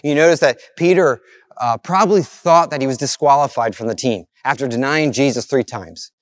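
Guy pastor preaching, earnest and repetitive, dry close sound, mid pitch. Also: moderate pace, dry recording. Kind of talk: sermon.

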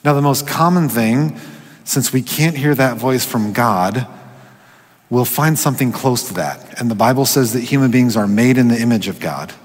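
A man preaching a sermon in a conversational way, slowing for emphasis and dropping to a hush at times. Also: mid-range voice. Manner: conversational, drops to hushed whispers for quoted voices. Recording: echoey hall with long reverb.

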